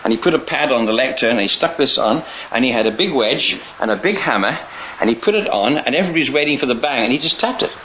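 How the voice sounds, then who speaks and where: A man's voice: mid-range voice, expressive, fast, sharp tone. A man preaching a sermon in a rambling, conversational way, often restarting his sentences and chuckling now and then. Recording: dull lo-fi recording with faint hiss.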